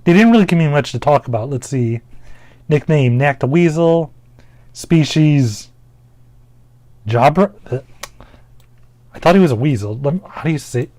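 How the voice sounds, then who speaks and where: A man's voice: on the high side, animated, measured pace, long pauses, a little mellow, no room sound. A man giving casual, rambling gameplay commentary, full of fillers, restarts and the odd swear word. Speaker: gaming commentator.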